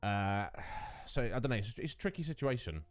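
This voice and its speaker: Chatty male streamer with a lively voice. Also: mid-range voice, moderate pace, soft background music. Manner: chatty, greets viewers by name, laughs often. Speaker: streamer hosting his own show. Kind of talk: casual chat with viewers. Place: home streaming setup.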